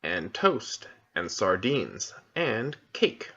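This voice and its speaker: A man's voice: fairly low pitch, sing-song, extremely slow, sharp tone, husky, heavily acted. A man reading aloud, voicing a courteous, formal male faun who is a little flustered and melancholy, in a dull lo-fi recording.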